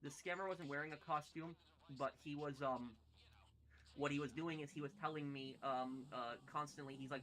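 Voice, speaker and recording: A man's voice: medium pitch, level tone, fast talker, a bit bright, a little hiss or hum. A man telling stories casually while playing a game, rambling with many fillers and restarts. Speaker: gaming streamer. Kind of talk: casual storytelling while gaming.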